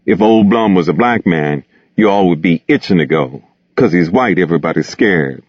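A man's voice: deep voice, lively intonation, normal speed, dry recording. A man reading the lines of a blunt, slangy young man who taunts and pushes his friends. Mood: scornful. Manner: blunt, slangy, clipped dialect. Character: young man, streetwise, restless and scornful. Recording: dull lo-fi dry recording.

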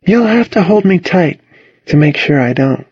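A playful teenage girl with a soft, teasing lilt, her voice raised well above a low reading voice, as a man puts her on for an audiobook. The sound is a bit husky and the recording dull and dry, with no room around it. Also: expressive, moderate pace, no echo. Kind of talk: audiobook character voice.

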